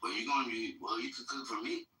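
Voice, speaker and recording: A man's voice: mid-range voice, quick pace, sharp tone, echoey room, far from the mic. A man from Africa in casual, teasing banter with friends. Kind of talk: casual chat.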